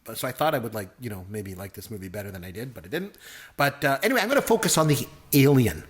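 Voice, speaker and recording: A man's voice: medium pitch, sing-song, quick pace. A middle-aged man co-hosting a casual movie review podcast, joking and complaining with exaggerated gripes. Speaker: podcast co-host; professor.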